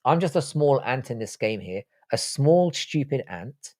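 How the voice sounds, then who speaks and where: A man's voice: mid-range voice, sing-song, unhurried, a little mellow. A man hosting a casual live stream, reading out viewer chat and answering it with loose, profane talk. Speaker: livestream host.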